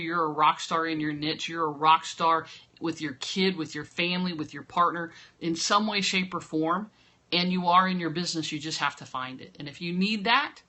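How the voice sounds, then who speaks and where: A woman marketing coach speaks straight into a camera at her computer, urging viewers on in an emphatic motivational talk. Her voice is bright and forceful, and she keeps checking in with "right?" as she goes. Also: lowish voice.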